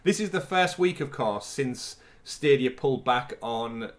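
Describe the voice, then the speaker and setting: A man's voice: mid-range voice, animated, a little slow. Chatty man co-hosting a podcast. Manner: chatty, laughs often, trails off with fillers. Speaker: podcast co-host. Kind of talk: casual podcast chat.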